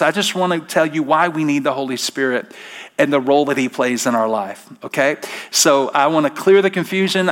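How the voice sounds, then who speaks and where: A man's voice: a little high, a bit bright. A middle-aged male pastor preaching a sermon from a church stage, emphatic and full of rhetorical questions.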